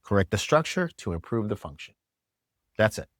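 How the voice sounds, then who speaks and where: This is a man with a fairly low voice, recorded dry and close in a studio. He tells a story as a podcast guest in an animated way, often acting out the lines others said to him. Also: normal speed, no echo. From United States. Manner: animated, acts out quoted dialogue. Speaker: chiropractor guest.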